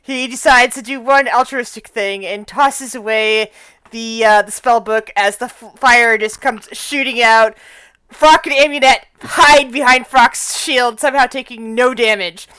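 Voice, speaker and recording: A woman narrating as dungeon master of a tabletop game, halting and restarting often as she describes the action. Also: fairly high pitch, a bit bright, clean tone, no room sound. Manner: halting, with frequent restarts and laughs.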